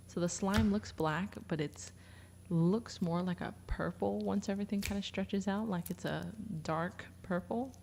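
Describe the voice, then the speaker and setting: A woman's voice: medium pitch, unhurried, gravelly, a little mellow, slight background noise. A woman chatting casually and gushing as she reviews slime. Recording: slime crinkling and clicking sounds.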